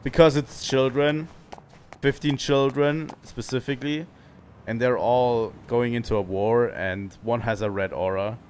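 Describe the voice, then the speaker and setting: A man's voice: medium pitch, steady tone, unhurried, a little mellow, slight background noise. A young man streaming a video game, musing aloud and reading the game's dialogue, sometimes stumbling over words. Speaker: gaming streamer. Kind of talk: casual let's-play commentary, reading game dialogue aloud.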